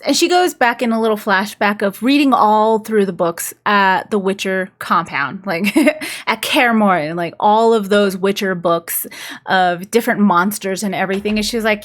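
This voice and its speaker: A woman's voice: mid-range voice, moderate pace. A woman casually recapping a book's plot, talking in a loose, chatty way with lots of "like" fillers. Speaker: book reviewer.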